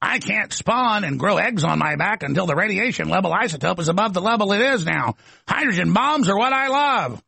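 A man voicing a scheming alien reptile who loves radiation, gloating in a low sneer. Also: expressive, fairly quick, gravelly, sharp tone, husky, no echo, exaggerated voice.

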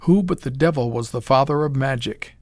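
A man's voice: medium pitch, a little fast, no room sound, clean studio sound, close to an everyday voice. A man reading a suave, menacing mad-scientist villain. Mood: coolly threatening. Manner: smooth, calm, condescending.

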